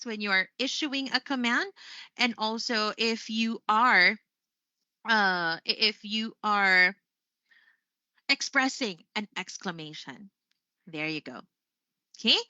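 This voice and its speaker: Chatty filipino lady teacher on a live class, super bright voice, kinda muffled dry audio. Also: on the high side, no echo. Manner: chatty, upbeat, says "there you go" often. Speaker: English teacher. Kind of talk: live online English lesson.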